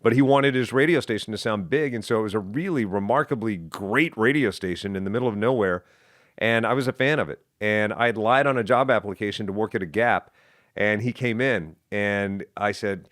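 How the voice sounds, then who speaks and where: A man's voice: on the low side, brisk, a bit bright, dry recording, clean studio sound. A middle-aged man from Texas, a guest who tells stories animatedly and slips into voices. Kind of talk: casual storytelling.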